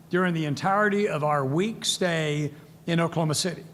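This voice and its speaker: A man's voice: a little high, moderate pace, fairly bright tone. Older man speaking in a reverberant hall. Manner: storytelling, acts out quoted voices. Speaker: keynote speaker. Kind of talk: speech. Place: large event hall. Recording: long hall reverb, faint ambience.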